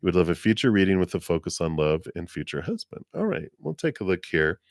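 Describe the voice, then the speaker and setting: Male livestream reader with a very low voice and a gentle, meandering, fill-word-heavy delivery, laughing often, a little lower than usual from the weather, dry close mic. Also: very animated, quick pace, no echo. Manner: gentle, rambling, laughs often, many fillers. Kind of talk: casual live reading.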